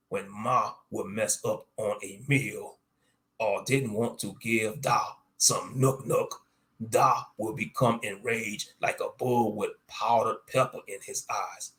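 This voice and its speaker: Guy putting on a cocky murderous pirate captain, laughs at everything, sea-dog slang, slow. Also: fairly low pitch, pushed and bright. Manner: taunting, chuckling, drawled sea-dog slang. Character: boastful murderous male pirate captain, gleeful.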